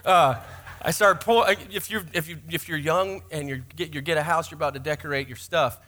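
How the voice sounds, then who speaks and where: A man in his forties preaching a sermon in church, his voice pitched high and bright. He tells his stories with a joking, self-mocking edge. It has the easy, teasing tone of a pastor talking to his congregation. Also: fairly even intonation, a little fast.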